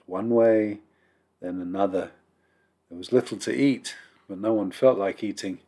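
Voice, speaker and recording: A rabbi reading a holiday children's story aloud in a measured, expressive storybook narration. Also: male voice, lowish voice.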